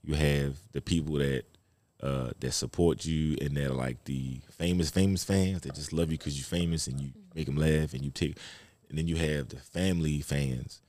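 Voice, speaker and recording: Deep-voiced comedian, animated and profane. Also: male voice, normal speed. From Baltimore. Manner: animated storyteller, profane, slips into quoted voices. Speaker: comedian guest. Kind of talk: casual podcast chat.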